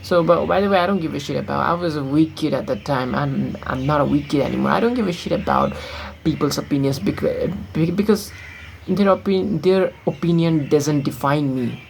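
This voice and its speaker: A man's voice: on the high side, fairly quick, creaky, a little hiss or hum, rough recording. A young man from Nepal speaking English with an American-influenced accent learned from films, chatting casually in a rambling, blunt vlog full of fillers. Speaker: vlogger. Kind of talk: casual talking-to-camera vlog.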